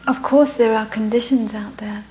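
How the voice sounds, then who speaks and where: A woman giving a Buddhist dharma talk through a story, often dropping into breathy whispers and laughing between lines. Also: fairly high pitch, fairly even intonation, moderate pace, darkish tone. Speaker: Buddhist teacher. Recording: dull lo-fi recording with faint hum.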